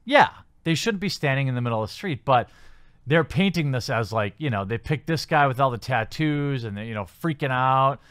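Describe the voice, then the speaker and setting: A man's voice: mid-range voice, lively intonation, fairly quick, fairly bright tone, clean tone, dry recording. A man hosting a commentary channel, reading news articles aloud and picking them apart with sarcastic, skeptical remarks and many fillers.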